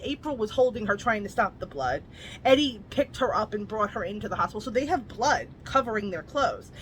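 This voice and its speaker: A woman recaps a novel in a casual, chatty review, peppering it with "like" and blunt asides. Her voice sits a little high and has a bright, keen edge. A faint hiss runs under it. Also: poor audio. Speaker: book reviewer.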